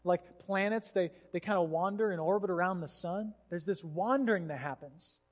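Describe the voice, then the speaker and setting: A male pastor preaching a sermon, telling a story in an animated way and acting out what people said. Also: sits high, moderate pace. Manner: animated storytelling with acted-out quotes. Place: church sanctuary. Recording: long hall reverb in a church.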